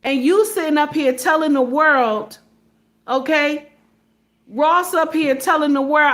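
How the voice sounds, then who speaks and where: A woman delivers a preachy commentary monologue in a high voice. She hammers her points with rhetorical questions and talks to her audience as her sisters, like a sermon. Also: measured pace, fairly bright tone. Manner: addresses listeners as sisters, sermon-like. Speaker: online commentator.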